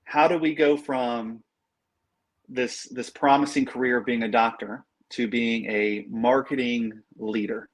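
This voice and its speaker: A man's voice: medium pitch, fairly even intonation, measured pace. A man hosting a podcast interview, asking questions and giving short friendly replies. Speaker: podcast host.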